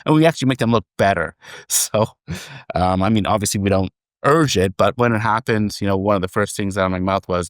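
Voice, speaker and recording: A man being interviewed on a podcast as a company chairman, telling stories in a relaxed, conversational way and acting out the quoted dialogue. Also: fairly low pitch, a little fast, no echo, clean studio sound. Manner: animated storyteller, acts out quoted dialogue.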